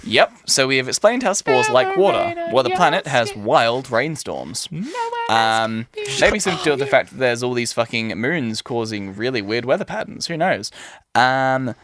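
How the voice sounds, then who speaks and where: A man's voice: mid-range voice, very animated, normal speed, a crowd in the background. A man hosting a casual podcast, explaining fantasy lore with frequent "um" fillers. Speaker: podcast host presenting lore.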